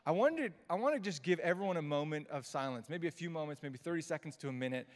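A man preaching a casual, conversational sermon to a live church congregation. He is chatty and warm, often restarts mid-sentence, and turns gushing and excitable when he reacts. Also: on the high side, fast. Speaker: guest preacher. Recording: long reverb of a church sanctuary.

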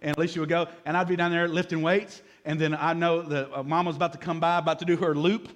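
A man in his fifties, a pastor preaching a sermon in a lively, joking way, acting out little scenes and calling for amens. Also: a little high, fast. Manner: lively and joking, acts out voices, calls for amens from the congregation.

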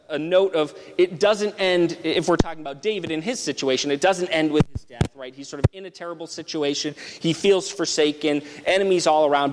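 A man teaching through a Bible passage in a conversational sermon style, often checking in with "right?". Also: mid-range voice. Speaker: preacher. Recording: long hall reverb with background noise.

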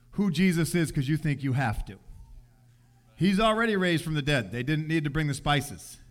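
A man with a high-pitched voice preaches a sermon in a relaxed, conversational manner. He drops into everyday slang and briefly plays the people in the story as he tells it. His delivery feels like talking with the congregation rather than lecturing them. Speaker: pastor.

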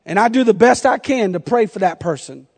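A middle-aged man with a North Carolina Southern accent preaches with a high voice, telling funny stories and laughing often. His sermon rings out with a long reverb, as in a large hall. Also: lively intonation, brisk, gravelly, darkish tone, slightly rough. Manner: humorous storytelling with frequent laughter. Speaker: pastor.

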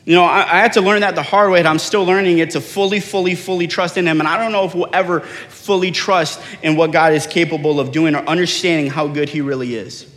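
A middle-aged male pastor preaching a sermon, telling personal stories with animated acted-out dialogue. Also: fairly high pitch, quick pace, hardly any pauses. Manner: animated storyteller, acts out quoted dialogue. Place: large church hall. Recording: long hall reverb.

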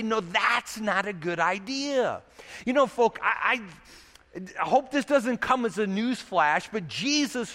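A man's voice: high-pitched, a bit bright, in a large hall. A man preaching a sermon as pastor, in a conversational way, asking rhetorical questions as he goes.

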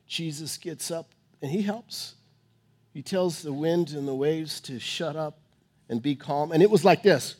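A male preacher delivers a sermon in a high voice. He presses his points hard, rising to loud urging and dropping to hushed tones. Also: measured pace.

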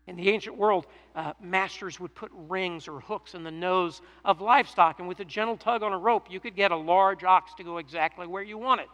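A man's voice: high voice, pushed and bright, long reverb tail. A man preaching a sermon, reading scripture and retelling it in plain conversational words. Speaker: pastor.

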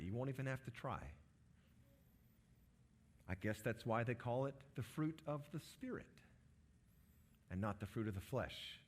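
A middle-aged man preaching with earnest conviction, his voice at an ordinary pitch for a man. He often jumps up in pitch and volume for emphasis, then sinks to soft, low endings. His delivery is warm with belief and built for a congregation. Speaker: pastor. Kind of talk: sermon.

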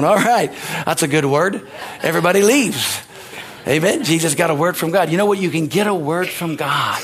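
A man's voice: fairly high pitch, expressive, normal speed, fairly bright tone. A man preaching a rousing sermon, calling out amens and hallelujahs between points. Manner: rousing, call-and-response preaching. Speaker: pastor.

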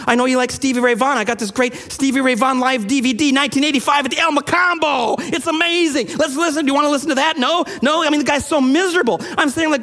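A man preaching a sermon as a pastor, telling stories in a conversational, animated way. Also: very high-pitched, fast, hardly any pauses, long reverb tail. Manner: conversational, animated storytelling with rising intensity.

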